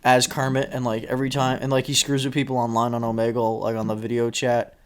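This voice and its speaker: A man's voice: mid-range voice, completely flat delivery, fast talker. A man co-hosting a casual podcast, teasing his friend, rambling through stories and swearing freely. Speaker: podcast co-host. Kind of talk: casual chat.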